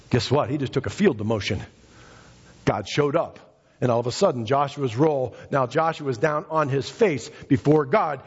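A male pastor delivers a fervent, emphatic sermon in church, frequently repeating phrases for emphasis. His voice is a little high and husky, recorded in a reverberant hall with dull, lo-fi sound.

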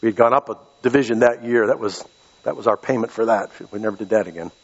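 A middle-aged pastor from western Pennsylvania preaches an impassioned sermon, repeating key phrases. His voice is fairly low and slightly rough, and he talks quickly. The church sanctuary recording sounds echoey, dull and lo-fi.

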